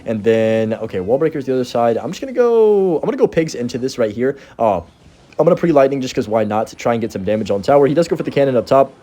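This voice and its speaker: Young man, live gameplay commentary, rapid-fire talk, middle pitch, excitable, chatty, talks to viewers. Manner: excitable, talks to viewers, frequent fillers and self-corrections. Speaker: gaming content creator.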